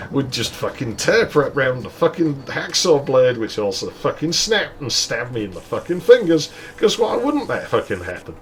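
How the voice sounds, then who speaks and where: A man with a medium-pitched voice hosts a let's play, casually telling a story with lots of swearing and laughter as he gives gameplay commentary. There's slight background noise.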